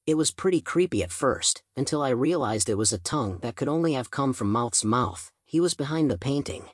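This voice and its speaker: A man's voice: medium pitch, expressive, brisk, no room sound, clean studio sound. A man reading a first-person audiobook, telling the story in a casual, chatty teenage manner. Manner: casual teen-style storytelling. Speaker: audiobook narrator.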